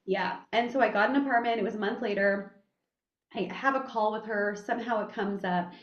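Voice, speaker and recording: A woman's voice: medium pitch, fairly quick. Candid woman host in an echoey room. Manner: candid, animated storyteller who swears freely. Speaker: podcast host. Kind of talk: casual interview chat. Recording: echoey room, dull lo-fi sound.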